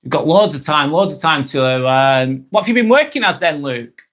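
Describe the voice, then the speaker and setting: A man in his forties hosting a live stream, chatting casually and reading out viewer comments, friendly, rambling and quick to apologise. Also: a little high, lively intonation, fairly bright tone. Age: 40s. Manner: chatty and friendly, ranting a little, apologising often.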